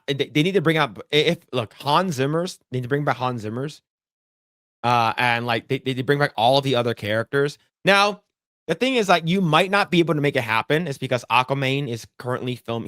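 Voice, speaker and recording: A man hosting a casual podcast chat, swearing freely and acting out quotes in a loud, high voice. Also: normal speed, no echo, studio quality. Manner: animated, profane, acts out quotes in a loud high voice. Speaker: podcast host.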